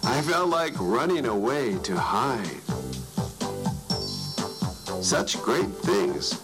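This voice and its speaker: Slow, lively-voiced man telling a story. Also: loud music behind the voice, poor audio. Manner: animated, wide pitch swings for emphasis. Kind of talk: storytelling narration.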